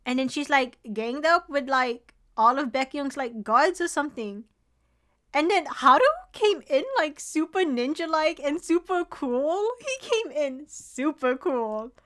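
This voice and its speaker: High-voiced excitable young woman. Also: unhurried. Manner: excitable, swears, acts out scenes. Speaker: co-host recapping a drama. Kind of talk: casual chat.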